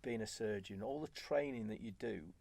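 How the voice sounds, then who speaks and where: Low, gravelly male guest who tells animated stories in chat. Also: normal speed. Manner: animated, acts out quoted remarks. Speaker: former footballer guest. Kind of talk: conversational storytelling.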